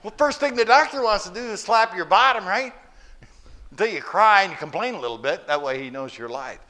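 A man's voice: high voice, lively intonation, a little fast, sharp tone. Storytelling male preacher asking questions. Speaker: pastor. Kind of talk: sermon. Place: church.

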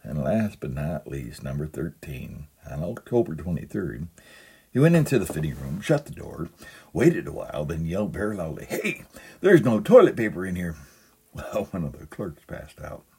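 Male pastor, very deep and gravelly-husky, storytelling sermon with a chuckle. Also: sing-song, normal speed, dark tone. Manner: humorous storytelling, chuckles at own jokes. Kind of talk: sermon with a humorous reading.

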